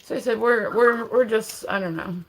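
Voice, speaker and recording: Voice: mid-range voice, moderate pace. Livestream host, loose and rambling, heavy on fillers, laughs often. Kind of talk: casual livestream chat.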